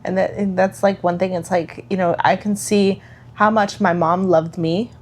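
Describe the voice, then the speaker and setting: A woman co-hosts a casual podcast about motherhood, chatting reflectively and earnestly with lots of fillers. Her voice is fairly low with a steady tone, and she speaks at a normal speed.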